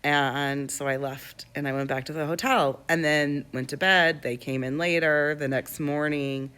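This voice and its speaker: A woman's voice: low voice, fairly even intonation, measured pace, fairly bright tone, clear, resonant tone. A woman in her twenties telling a personal story in a casual, rambling way, with lots of fillers and restarts.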